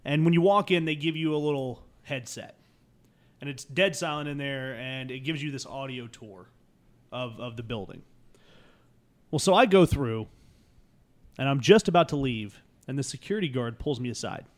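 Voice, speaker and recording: A man telling a comic story on a podcast, acting out the other people in it and swinging between loud bursts and hushed asides. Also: mid-range voice, normal speed. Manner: acts out quoted voices, swings loud and soft. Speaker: podcast guest.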